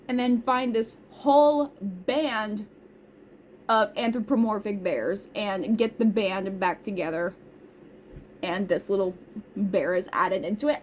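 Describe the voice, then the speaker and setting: A woman vlogger chatting casually about her favorite movies, bubbly and rambling, with self-deprecating asides. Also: fairly high pitch. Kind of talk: casual chat. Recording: slightly dull recording with faint hiss.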